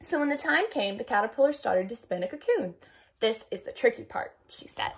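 An enthusiastic woman reading a picture book aloud to young listeners, expressive and teacher-like. Her fairly high voice rises and falls in lively storytime swoops as she pauses to ask questions. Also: slightly rough. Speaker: read-aloud host.

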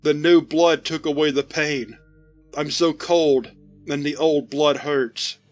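A man's voice: a little high, fairly even intonation, faint music behind. A man voicing a starving, pleading monster-man. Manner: slow, soft, begging.

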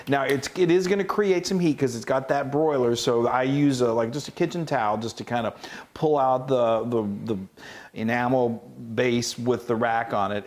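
A man co-hosting a casual cooking show, gushing with enthusiasm as he demonstrates an appliance. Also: mid-range voice. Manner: enthusiastic, gushing, restarts often. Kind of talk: casual product demo chat.

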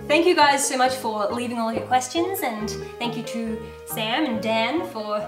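Here a parrot-owning YouTuber hosts a casual question-and-answer session from home, earnest and emphatic, her voice a bit high and her pace normal. There's an echoey room sound and music behind her.

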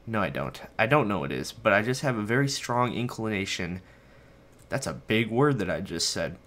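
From his bedroom, a young man hosts a casual let's-play video, rambling and making jokes at his own expense. His voice is on the low side, a bit bright, with lively intonation and moderate pace. He sounds a bit out of breath and talks to both his viewers and his dog.

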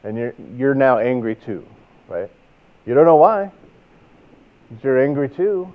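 A man with a Texan accent preaching a sermon in a relaxed, conversational way, telling stories and asking rhetorical questions. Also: medium pitch, unhurried. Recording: tinny phone-like sound.

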